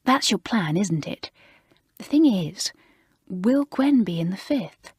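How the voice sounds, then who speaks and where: A woman voicing Sally, a teenage schoolgirl in an audiobook, confiding in a hushed half-whisper. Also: medium pitch, animated, normal speed, slightly rough, dry recording, clean studio sound.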